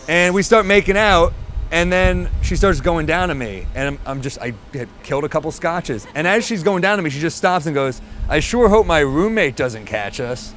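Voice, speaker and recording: A man, a stand-up comedian telling a long, self-deprecating story in an animated way. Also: a little high, a little hiss or hum.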